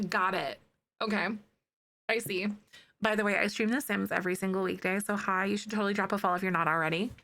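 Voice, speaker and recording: A woman's voice: mid-range voice, bright, forceful tone. A young woman streaming a life-sim game, chatting casually with viewers, bubbly and full of "like"s. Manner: bubbly, chatty, many "like"s, answers chat. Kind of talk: casual chat while playing.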